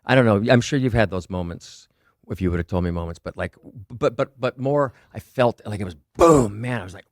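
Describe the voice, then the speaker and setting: Man, low voice, quick talker, rambling storyteller, dry studio sound. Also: dry recording. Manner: rambling storyteller, swears freely. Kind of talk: casual chat.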